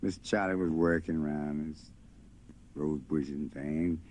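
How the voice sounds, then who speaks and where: A man telling a folk story in a relaxed, rambling way. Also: very deep voice, a little slow. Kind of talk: folk storytelling over guitar. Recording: faint guitar behind voice.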